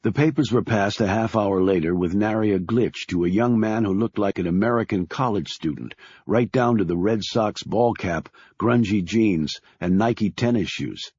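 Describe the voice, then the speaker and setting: A man narrating an audiobook in a steady, measured storytelling manner. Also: on the low side, breathy edge, no room sound. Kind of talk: scripted narration. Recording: dull lo-fi recording.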